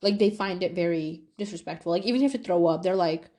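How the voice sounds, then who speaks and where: A woman's voice: on the low side, quick pace. A young woman hosting a podcast, telling a personal story in a chatty, casual way, full of fillers and quoted back-and-forth. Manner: chatty, animated retelling with quoted voices and fillers. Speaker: podcast host.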